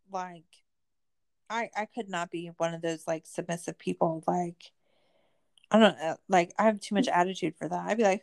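Woman, casual true-crime recap, sarcastic, swears a lot, says "like" constantly, voice jumps high when exasperated. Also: normal speed, vocal fry. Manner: sarcastic, swearing, many "like" fillers. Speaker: podcast host.

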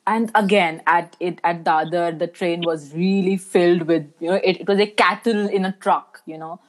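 A woman's voice: on the low side, steady tone, moderate pace. A young woman, a brand manager chatting as a guest on a podcast, laughing often and saying "you know" a lot. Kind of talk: casual podcast interview.

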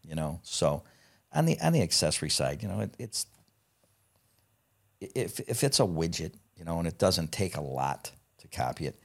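Gravelly low-voiced man telling stories. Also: moderate pace. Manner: profane, animated anecdote teller. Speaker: guest. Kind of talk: casual storytelling.

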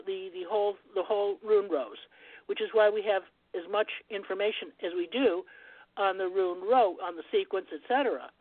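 A woman speaks as a guest on a phone-in radio show, rambling and digressive, and she signs off each turn with "over". Her voice comes through a tinny phone line. The sound is dry, with no room echo. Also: medium pitch. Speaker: guest rune scholar.

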